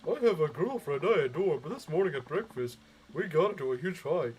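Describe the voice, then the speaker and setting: A man's voice: fairly high pitch, expressive, brisk, a little mellow, breathy edge. A man voicing an earnest young man complaining in a letter to a radio show. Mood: aggrieved.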